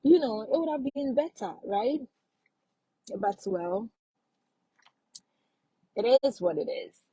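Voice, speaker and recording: A woman's voice: on the high side, animated, slow, dark tone, breathy edge, no room sound, rough recording. A woman hosting a casual live stream, giving advice and repeating her points for emphasis.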